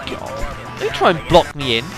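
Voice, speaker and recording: A man's voice: a little high, wildly swooping pitch, measured pace, over music. A man giving casual gameplay commentary, rambling with lots of fillers and addressing the audience as folks. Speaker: let's play commentator.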